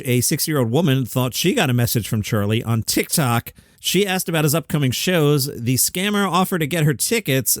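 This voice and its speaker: A man's voice: a little high, no room sound, studio quality. A man hosting a comedy news show, recapping headlines in a casual, wry way with joking side comments. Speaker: comedy news podcast host.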